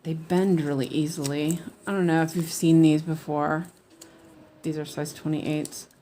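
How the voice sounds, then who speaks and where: A woman talks through her stitching in a casual, unhurried way. Her voice sits fairly low and her pace is very slow. She mutters half-sentences to herself and laughs at her slips. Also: little pitch movement, dark tone, a little hiss or hum. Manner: chatty, mumbling to herself while working, laughs often. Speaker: cross-stitch crafter. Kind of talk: casual stitch-along chat.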